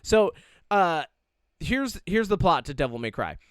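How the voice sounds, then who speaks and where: Chatty man with a smooth voice. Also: fairly high pitch, measured pace, no echo, studio quality. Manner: animated, rambling with many "like" fillers and quoted asides. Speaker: podcast co-host. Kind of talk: casual chat.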